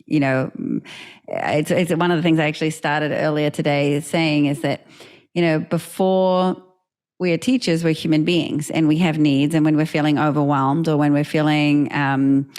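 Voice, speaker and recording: A woman's voice: sits low, fairly even intonation, normal speed, darkish tone. A woman hosting an educators' podcast, reflecting thoughtfully on what her guest said. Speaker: podcast host. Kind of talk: reflective interview chat.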